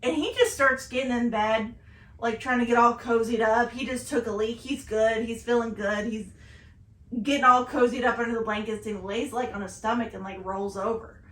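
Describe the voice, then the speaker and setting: Woman co-host telling a story, bright sharp voice, swears a lot, echoey room. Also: a little high, normal speed. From Southern Indiana. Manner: animated, swears freely, shouts when retelling. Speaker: podcast co-host. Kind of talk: casual storytelling chat.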